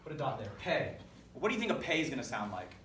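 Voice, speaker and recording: A man's voice: medium pitch, big pitch swings, quick pace, fairly bright tone, a little hiss or hum. A man teaching a classroom lesson, leading call-and-response drills with energy and correcting himself as he goes. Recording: echoey classroom recorded from far off.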